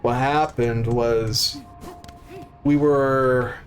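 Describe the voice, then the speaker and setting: A man's voice: mid-range voice, steady tone, very slow, soft background music. A young man, a live streamer, telling a story casually, full of swearing and acting out the voices of the people in it. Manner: profane, acts out voices of people in his stories.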